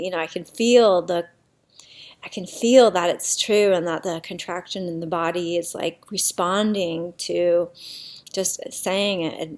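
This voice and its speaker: A woman talking through a personal healing practice in an unhurried, reflective monologue, pausing often with soft fillers. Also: lowish voice, fairly even intonation.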